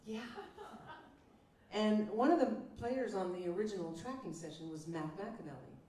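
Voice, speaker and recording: Animated woman telling a story. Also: medium pitch, moderate pace. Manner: animated, acts out the people she quotes. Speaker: singer-songwriter guest. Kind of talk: storytelling in an interview. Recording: echoey room, distant mic.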